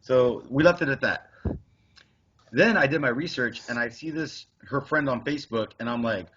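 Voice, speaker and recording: A man's voice: medium pitch, moderate pace, fairly bright tone, slightly rough. A man in his thirties telling a crude, rambling story with lots of profanity on a podcast. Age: 30s. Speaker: podcast co-host. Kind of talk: casual storytelling. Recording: dull lo-fi audio.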